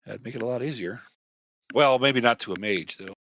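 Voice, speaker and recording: A man's voice: medium pitch, fairly quick, fairly bright tone, no room sound. A man playing a tabletop game, hesitant as he plans aloud. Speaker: player.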